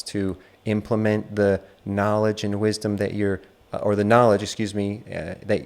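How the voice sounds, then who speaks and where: With a lowish voice, this man teaches the internal arts through an easygoing, meandering lecture, leaning heavily on fillers as his story unfolds.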